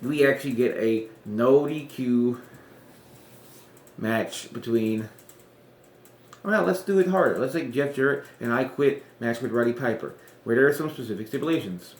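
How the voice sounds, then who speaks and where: A man talks through wrestling bookings in casual, rambling chat, often stopping to correct himself. His pitch sits in the middle. A roomy echo surrounds the voice. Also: normal speed, long pauses. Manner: rambling, self-correcting, chuckling asides. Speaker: wrestling podcaster.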